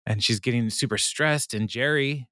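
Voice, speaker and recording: In a bright, forceful, mid-range voice at a moderate pace, this man co-hosts a podcast and casually goes over a sitcom episode. His talk is rambling, packed with fillers and frequent laughter, and the studio sound is clean with no room noise.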